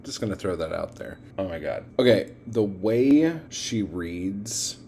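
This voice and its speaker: A man hosting a watchalong, talking casually and bluntly with plenty of swearing and filler words. His voice sits somewhat low and his pace is unhurried. Faint room noise hangs behind him. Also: lively intonation, creaky, warm tone. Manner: blunt, profane, rambling with many fillers. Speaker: watchalong host. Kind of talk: casual reaction commentary.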